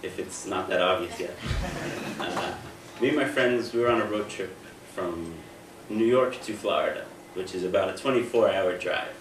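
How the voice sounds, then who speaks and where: A man's voice: low-pitched, moderate pace. A young American man performing stand-up comedy, self-deprecating and often restarting his sentences. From United States. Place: stage in a room. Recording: echoey room, distant mic, faint noise.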